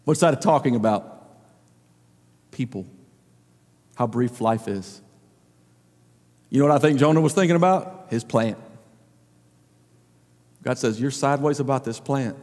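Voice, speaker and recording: A man preaching a sermon as pastor, swinging between loud emphatic lines and low quiet ones. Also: measured pace, pauses often, in a large hall.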